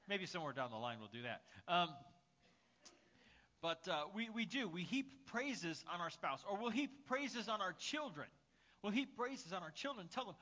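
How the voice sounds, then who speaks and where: A male pastor with a summer cold preaches in a church in a storytelling manner full of fillers and restarts. His voice is high and animated, and it rises and falls widely. The recording sounds slightly muffled. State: has a summer cold, coughing. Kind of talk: sermon.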